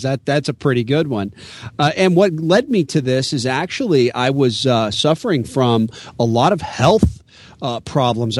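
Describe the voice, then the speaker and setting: American man, interview guest, earnest explaining, mid-pitched, dry sound. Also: no room sound. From United States. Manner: earnest, explanatory, with frequent fillers and restarts. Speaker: guest, author and radio host. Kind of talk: casual interview talk.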